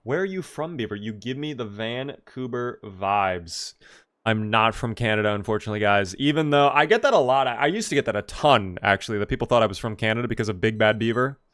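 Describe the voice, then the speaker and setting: A man's voice: fairly low pitch, expressive, a little fast, fairly bright tone. A man from the US East Coast streaming a game live, casually chatting and answering viewers' questions. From Maryland, US East Coast. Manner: chatty, answers chat questions while playing.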